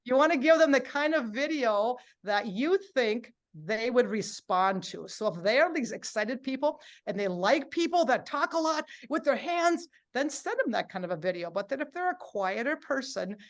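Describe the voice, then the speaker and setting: Leading a live workshop, this middle-aged woman keeps things upbeat, urging listeners to participate and performing quotes with animated voices. Her pitch is a little high, her pace moderate, and she barely pauses.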